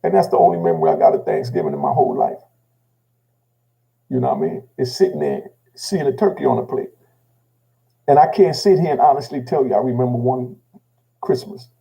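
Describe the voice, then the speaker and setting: A man's voice: big pitch swings, brisk, pauses often, rough recording. An older man from Jamaica telling his own story in a casual, emotional way, often adding "you know what I mean". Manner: gravelly, repeating "you know what I mean" after each thought; drops low and quiet when he quotes himself.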